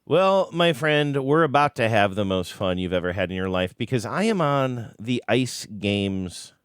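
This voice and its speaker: A man's voice: mid-range voice, animated, measured pace, clear, resonant tone, no echo, clean studio sound. A man co-hosting a podcast, bantering in a wry, teasing way in casual chat. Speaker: podcast co-host.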